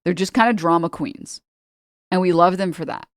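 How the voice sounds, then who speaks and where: A woman from New York, a streamer reacting to clips in casual commentary, emphatic and repetitive, swinging loud for effect. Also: lowish voice, normal speed, no echo, studio quality.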